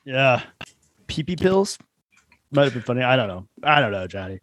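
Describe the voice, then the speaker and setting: A man's voice: medium pitch, fast, a bit bright, no echo. A man in his thirties chats casually as a podcast guest. He rambles through his stories, stuffing them with filler words. The recording is close and dry with no room sound. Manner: rambling storyteller, heavy on "like" fillers, laughs at own jokes. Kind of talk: casual chat.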